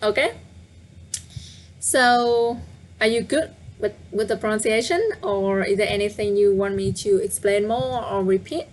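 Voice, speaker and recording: Woman, live online teacher, patient, slow speech, faint background hiss. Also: mid-range voice. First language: Vietnamese. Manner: patient, repeats words slowly, asks viewers to guess. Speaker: Vietnamese teacher. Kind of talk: live online language lesson.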